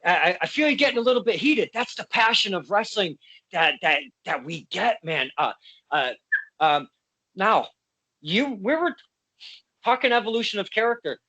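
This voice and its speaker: A man with a high, bright, forceful voice hosts a casual interview over a video call. He talks excitably and stumbles, repeating his first words before he gets going. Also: moderate pace. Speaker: interviewer, podcast host.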